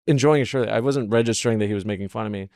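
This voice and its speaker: Animated man telling a story on a podcast. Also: lowish voice, rapid-fire, clean tone, no room sound, studio quality. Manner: animated storytelling, swearing and self-mocking. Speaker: comedian guest. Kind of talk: casual podcast chat. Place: podcast studio.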